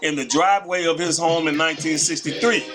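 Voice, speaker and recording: Casting note: male call-in host, slightly high voice, chatty and repetitive, with music clearly playing behind him. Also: a little fast, rough recording. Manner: chatty, repeats the phone number. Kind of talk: casual live call-in talk.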